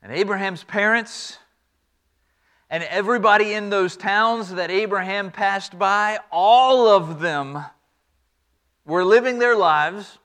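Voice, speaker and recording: A man's voice: high voice, slow, a bit bright. A man preaching a sermon, retelling a story conversationally with repeated words and shifting tempo.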